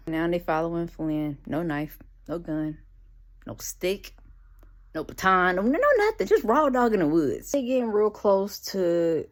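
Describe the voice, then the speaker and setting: A young woman casually recapping a TV episode, slangy, with sarcastic, incredulous asides. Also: lowish voice. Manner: slangy, conversational.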